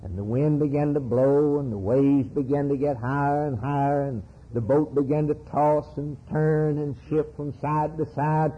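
A man preaching a sermon with fervent, rhythmic delivery and sweeping rises and falls in pitch. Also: fairly even intonation, moderate pace, hardly any pauses, slightly rough. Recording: dull lo-fi sermon recording.

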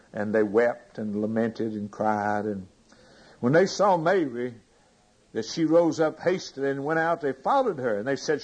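Husky-voiced man preaching a sermon. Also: mid-range voice, a little mellow, poor audio. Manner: reads scripture aloud and comments, asking the congregation questions.

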